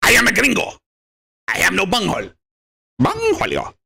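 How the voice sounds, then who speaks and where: A man voicing a frantic cartoon teenage alter ego who rants and makes demands in a shrill voice. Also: wildly swooping pitch, moderate pace, vocal fry, husky, exaggerated voice. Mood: ranting. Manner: shouted, wild high-pitched ranting.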